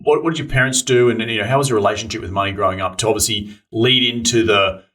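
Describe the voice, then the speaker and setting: Aussie podcast host, bit stuffy from a cold, talks fast, sounds a touch away from the mic. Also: male voice, on the low side, far from the mic. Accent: Australian. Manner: upbeat, energetic. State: nasal from a cold. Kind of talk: podcast interview.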